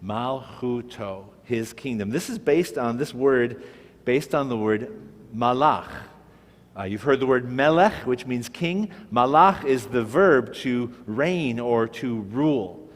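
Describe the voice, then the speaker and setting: A man teaching a patient, step-by-step language lesson, pausing to have listeners repeat each word. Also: medium pitch, animated, in a large hall. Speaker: Hebrew teacher. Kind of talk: classroom-style language lesson.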